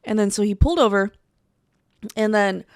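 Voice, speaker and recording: A young woman in her twenties, co-hosting a casual chat and telling a profane, animated story with acted-out quotes. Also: mid-range voice, normal speed, smooth, no echo, studio quality. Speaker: co-host.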